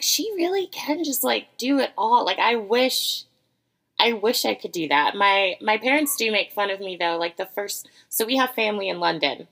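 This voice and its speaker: An American woman hosts a casual interview, her speech eager and full of quick fillers and restarts. Her voice carries a noticeable vocal fry at a middling pitch. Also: a bit bright. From United States. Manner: enthusiastic, many fillers and restarts. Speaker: podcast host.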